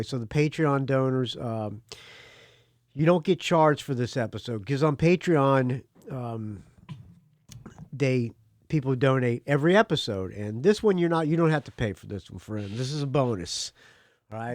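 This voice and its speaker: A man's voice: fairly high pitch, a little mellow, no echo. A man hosting his own podcast, talking casually and rambling, now and then swearing. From United States. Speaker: podcast host. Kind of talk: casual solo podcast talk.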